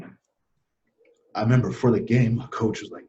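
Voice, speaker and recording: A man telling stories from his life as a guest in a casual interview, earnest and animated, often laughing. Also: fairly low pitch, normal speed, pauses often. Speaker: podcast guest. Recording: dull lo-fi sound.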